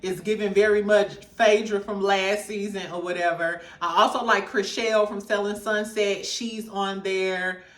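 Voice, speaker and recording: A woman's voice: medium pitch, unhurried, few pauses, distant mic. Laughing, profane woman in an echoey room. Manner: animated, profane, laughs often. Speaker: show host. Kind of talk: casual reality TV commentary. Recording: echoey room, set back from the mic.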